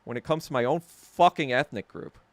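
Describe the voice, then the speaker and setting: A man's voice: mid-range voice, fairly quick, no echo. A man hosting a podcast, telling a story in a heated, profane, sarcastic rant. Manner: sarcastic, laughing at himself. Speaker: podcast host. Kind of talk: casual rant.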